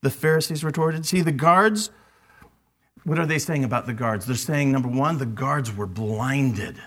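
A man's voice: mid-range voice, moderate pace, a bit bright. A man preaching a sermon, speaking animatedly and acting out quoted lines with emphasis. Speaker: pastor.

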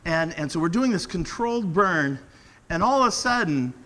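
A middle-aged man preaching a casual sermon, earnest and animated, slowing down to stress key words. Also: high-pitched, rough recording. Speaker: pastor.

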